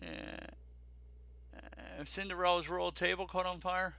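A man co-hosting a casual chat about theme park news, animated and joking, who swears casually and keeps turning to his co-host. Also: high voice, unhurried, creaky, dry recording, dull audio.

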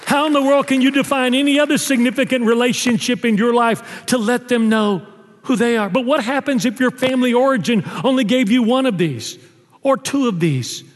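A male pastor preaching a sermon in a church, telling stories and dropping low and soft on tender lines. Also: fairly quick, some chatter behind. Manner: storytelling, drops low and soft on intimate lines. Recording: long reverb of a church hall.

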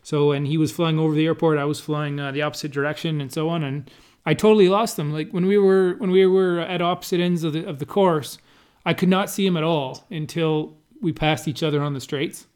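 A man's voice: on the high side, steady tone, darkish tone, clean tone. Here is a man with a slightly raised voice telling a friend about flying in an air race. He speaks in a loose, conversational way, full of fillers and false starts, and breaks into the odd laugh as he remembers. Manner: halting, many restarts and fillers, laughs while telling. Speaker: pilot recounting an air race event. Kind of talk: casual conversational recollection.

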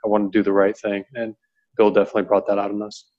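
A coach in his thirties, a pitching coach answering questions on a panel, talks earnestly but rambles with plenty of fillers. His lowish voice is monotone and fast, and the audio sounds dull.

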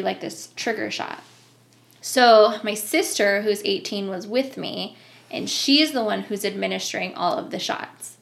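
A woman in her thirties telling a story in casual chat, animated, laughing and swearing often. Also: medium pitch, gravelly. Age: 30s.

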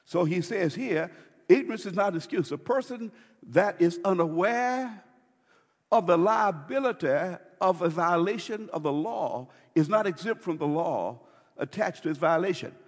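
A man preaching a sermon as pastor, swinging between loud and hushed with dramatic pauses. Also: sits high, animated, in a large hall.

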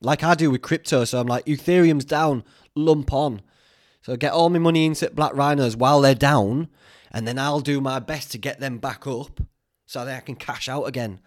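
A man's voice: mid-range voice, fairly quick, no room sound, clean studio sound. A man hosting a podcast, rambling along in casual chat, joking at his own expense and swearing freely. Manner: chatty, self-mocking, swears freely. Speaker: podcast host.

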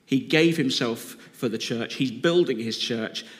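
A man preaches with earnest, heartfelt conviction. His voice sits in an ordinary middle pitch. It rings with the long reverb of a big hall. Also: unhurried. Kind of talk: sermon.

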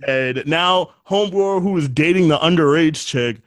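A man co-hosting a casual podcast, joking and swearing as he retells movie scenes and acts out the characters' lines. His voice sits a little high for a man. The sound is close and dry, with no room echo. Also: moderate pace. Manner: loose, profane, jokey retelling with quoted voices. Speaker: podcast co-host. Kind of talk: casual chat recapping movies.

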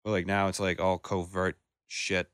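A man's voice: deep voice, flat delivery, moderate pace, fairly bright tone, clean tone, no room sound, clean studio sound. A young man in casual chat, laid-back and rambling, swearing often.

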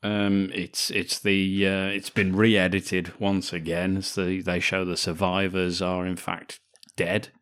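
A man's voice: deep voice, little pitch movement, slow pace, fairly bright tone. A man co-hosting a casual film podcast, bantering crudely and laughing often as he recaps scenes. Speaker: podcast co-host. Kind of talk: casual film-review chat.

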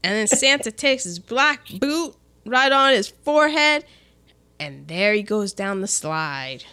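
Middle-aged woman, casual co-host, bright and animated, acts out scenes. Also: medium pitch, takes it slowly, smooth. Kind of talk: casual chat recapping a film.

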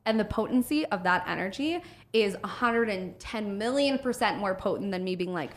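Woman, casual chat, lively, swears a lot, acts out quotes, mid pitch. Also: moderate pace.

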